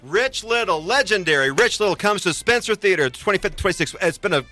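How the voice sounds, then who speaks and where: A man's voice: high voice, expressive, fairly quick, sharp tone, soft background music. A male radio host interviewing a guest in an upbeat, promotional manner.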